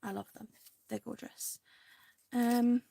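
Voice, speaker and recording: A woman hosting a crafting video, chatting casually and indecisively to viewers, now and then dropping into soft half-whispered asides. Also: a little high, little pitch movement, takes it slowly, vocal fry.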